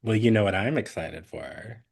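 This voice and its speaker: A man's voice: on the low side, moderate pace, creaky. A man in his thirties co-hosting a podcast, telling a story in a rambling casual way, with many fillers and frequent laughs. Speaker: podcast co-host. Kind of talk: casual chat.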